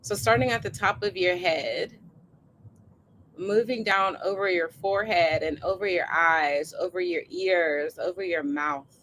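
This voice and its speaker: A woman with a slightly low voice talks gently and encouragingly as she coaches a group online. She slows into a soothing cadence to guide a body scan meditation. A faint hum of room noise sits under her voice. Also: steady tone, poor audio. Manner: gentle, encouraging, slow guiding cadence with soft laughs. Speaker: coach hosting a co-planning session. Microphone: live online session.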